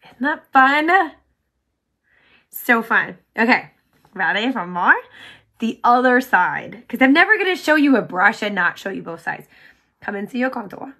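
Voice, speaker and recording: A woman hosting a casual makeup tutorial, bubbly and chatty, full of "like", often dropping to a soft whisper. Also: mid-range voice, very animated, normal speed. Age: adult with sons. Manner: bubbly, chatty, heavy use of "like".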